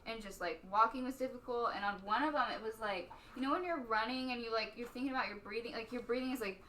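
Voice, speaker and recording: A woman from Texas, a stand-up comic, chatting as a podcast guest in a rambling way, full of "like" and quick laughs. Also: fairly high pitch, sharp tone, recorded from a distance, a little hiss or hum. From Stephenville, Texas. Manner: rambling, heavy use of "like", laughs often. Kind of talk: casual podcast chat.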